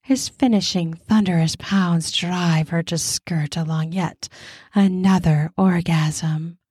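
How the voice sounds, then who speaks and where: Woman narrator, adult story reading, very slow delivery, intimate tone, dry close recording. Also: on the low side, fairly even intonation, a little mellow, breathy edge, no echo. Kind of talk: scripted erotic story narration.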